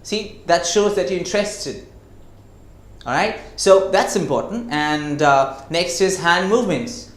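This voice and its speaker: A man with a fairly high voice teaches communication skills like a classroom lecture. He leans on key words and poses questions straight to the listener. The sound is roomy and echoey. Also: fairly bright tone. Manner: emphatic, slows to stress words, asks rhetorical questions. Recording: echoey room.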